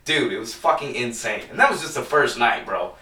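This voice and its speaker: A man's voice: medium pitch, expressive, a little fast, bright, forceful tone, far from the mic. Rambling, profane man in an echoey room. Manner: rambling, profane storytelling with lots of "dude". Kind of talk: casual chat.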